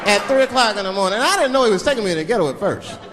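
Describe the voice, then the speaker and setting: Profane stand-up comic in an echoing hall. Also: male voice, high voice, expressive, rapid-fire, a loud crowd, heavy background noise. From Washington DC. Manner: loose, profane storytelling. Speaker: stand-up comedian. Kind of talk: stand-up comedy set. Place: large live theater. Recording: live echoing hall with loud audience.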